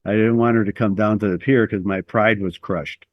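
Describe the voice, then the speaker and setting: Low-ish guy rambling through a story, lots of um and uh, self-deprecating, dry sound. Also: steady tone, moderate pace, no room sound, highs cut off. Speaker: guest. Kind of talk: telling a personal story in an interview.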